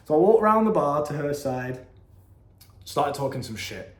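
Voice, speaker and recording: A young man telling a story casually, animated, slangy and profane. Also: medium pitch, fast talker. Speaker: vlogger. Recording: echoey room.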